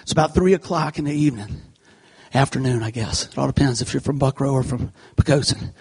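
A man giving an animated sermon, telling a folksy personal story and acting out the scenes. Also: mid-range voice, fairly quick, husky. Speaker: church speaker. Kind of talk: sermon told through a comic personal story.

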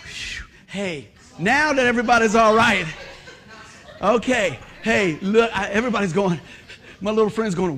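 A middle-aged man preaching a sermon, folksy and conversational, telling animated stories and joking with the congregation. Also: high-pitched, a little fast. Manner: animated storytelling, acts out shouts and exclamations. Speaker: pastor.

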